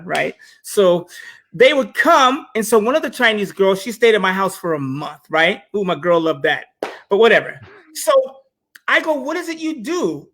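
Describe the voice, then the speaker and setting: A man with a bright, forceful voice, talking casually about money. He tells stories in an animated way and drops joking asides as he goes. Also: high voice, slight background noise. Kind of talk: casual chat on investing.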